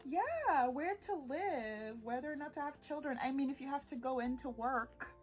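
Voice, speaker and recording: A young woman talks solo on her podcast in a high, bright voice. She is animated and sarcastic, laughs often and mocks in put-on tones. Faint music plays underneath. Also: moderate pace. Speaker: podcast host.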